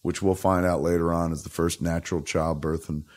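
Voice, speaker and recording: A man's voice: sits low, a little fast. A man hosting a podcast, telling stories in a casual, profane, joking way. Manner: profane, joking, animated storytelling. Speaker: podcast host.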